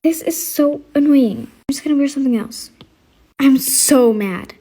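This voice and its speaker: A woman's voice: high voice, moderate pace, warm tone, close to an everyday voice. A woman playing a sulky young daughter who whines and talks back in a home skit. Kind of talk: home skit role-play.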